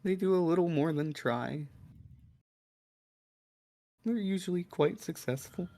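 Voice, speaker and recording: A jittery village leader stumbles over his words and repeats himself as he asks for help, as a man plays him. The voice sits a little high. The sound is dry and close. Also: unhurried, mellow, dry recording. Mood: nervous. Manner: stammering, hesitant. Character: nervous stammering male village leader.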